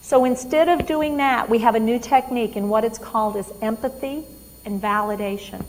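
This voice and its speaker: A woman's voice: fairly high pitch, normal speed, in a large hall, slight background noise, poor audio. A woman trainer giving a live talk on dementia care, emphatic and quizzing her audience.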